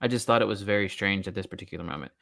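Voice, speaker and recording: A man co-hosting a podcast, walking through a TV episode in relaxed casual chat, with frequent laughs and "um" and "you know.". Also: deep voice, racing, creaky. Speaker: podcast co-host. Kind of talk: casual chat recapping a TV show.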